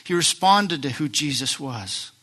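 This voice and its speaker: A man preaching a sermon, animated and playful, acting out the voices of the Bible figures he retells. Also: on the high side, measured pace. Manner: animated, acts out Bible voices, jokes with the crowd. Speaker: pastor.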